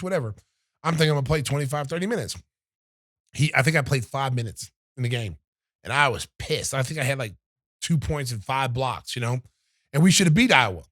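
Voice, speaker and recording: Animated storytelling man, dry close sound. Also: mid-range voice, quick pace, no room sound. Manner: animated storyteller, acts out quotes of others. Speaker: podcast host. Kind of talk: casual storytelling chat.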